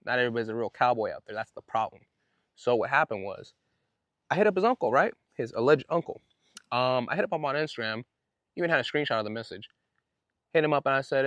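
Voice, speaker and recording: A man's voice: mid-range voice, expressive, fast talker, long pauses, a bit bright, no room sound. A man hosting his own podcast, telling a story in an indignant, fired-up way with casual slang. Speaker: podcast host. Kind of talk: solo podcast monologue.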